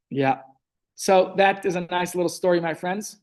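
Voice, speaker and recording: A man, a rabbi telling stories in a relaxed class held over a video call, often stopping to restart his sentences. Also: sits high, measured pace. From South Africa. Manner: chatty storytelling, frequent restarts. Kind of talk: online Torah class.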